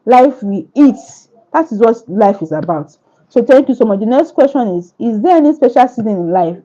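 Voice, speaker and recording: A woman author fields questions at a book launch in an earnest, repetitive, sermon-like way. Her voice is dark and mellow, and the recording is dull and lo-fi. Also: mid-range voice. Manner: earnest, repetitive, preacher-like phrasing.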